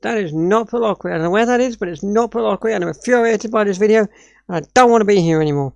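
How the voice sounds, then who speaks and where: A woman's voice: mid-range voice, fast talker, gravelly, darkish tone, no echo, muffled recording. A woman, ranting in sweary exasperation while reacting on a live stream.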